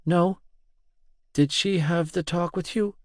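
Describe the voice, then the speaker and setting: A male audiobook narrator voicing a shy, curious teenage girl who asks hesitant, halting questions. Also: sits high, no echo, clean studio sound, voice pushed up. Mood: nervous, curious. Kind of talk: audiobook dialogue.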